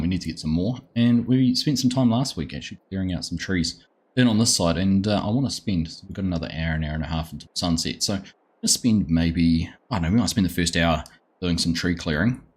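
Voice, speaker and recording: An Australian-accented man streams a game live, chatting casually with viewers while he plays and greeting them by name. His voice is low and husky.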